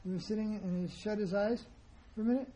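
A man's voice: high voice, steady tone, fast, dark tone, slight background noise. A man teaching as a spiritual teacher in an informal sermon, speaking in a conversational, emphatic way and acting out the people he quotes.

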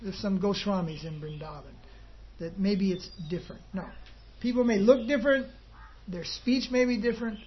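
A man's voice: sits high, moderate pace, slightly rough. A man giving an informal devotional talk to a group, rambling and conversational with chuckling asides. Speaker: spiritual teacher. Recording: dull lo-fi recording with faint ambience.

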